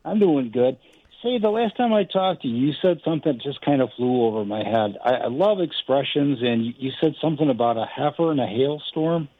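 Man caller over a tinny phone line, plain-spoken, earnest, a bit halting. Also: mid-range voice, expressive. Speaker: radio caller. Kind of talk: casual chat on a phone-in show.

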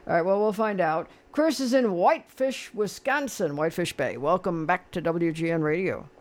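A radio host, a man with a high voice for his sex, talks in a blunt, opinionated way. He chats easily with callers and quizzes them. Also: expressive, moderate pace. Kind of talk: call-in radio quiz chat.

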